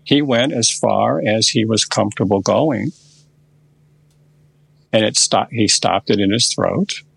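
An older man, a therapist guest in a podcast interview, who tells a session step by step in an unhurried, conversational way. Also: on the low side, vocal fry, a bit bright, husky.

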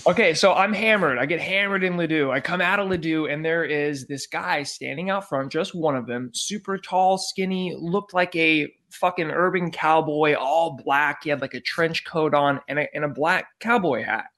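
A young man, a podcast guest, telling a story in an animated, profane way and acting out the quotes. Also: fairly high pitch, normal speed, few pauses. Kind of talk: casual storytelling.

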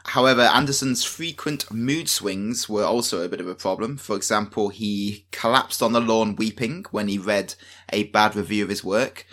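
A man co-hosting a podcast, telling a history story in casual chat with excited outbursts. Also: fairly low pitch, normal speed. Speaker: podcast co-host.

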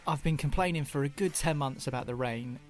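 A man's voice: medium pitch, brisk, faint music behind. A man from southern England co-hosting a football podcast from home, wry and joking. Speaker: podcast co-host. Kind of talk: casual football podcast chat. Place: home during lockdown.

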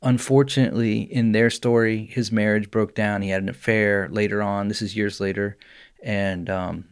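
A man co-hosting a podcast, telling a story in a casual, animated way. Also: lowish voice, normal speed, smooth. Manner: animated storyteller, laughs often. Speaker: podcast co-host.

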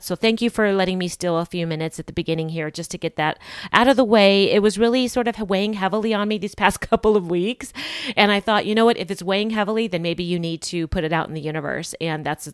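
A woman's voice: lowish voice, smooth, no echo, clean studio sound. A woman hosting her solo podcast, talking candidly in an in-your-face, sarcastic way, rambling with lots of ums and restarts. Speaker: podcast host.

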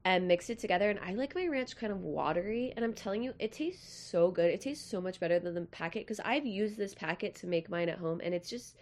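A woman's voice: medium pitch, brisk, hardly any pauses. Nasal woman chatting on a podcast. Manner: chatty, animated, self-deprecating. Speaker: podcast host. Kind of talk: casual podcast chat.

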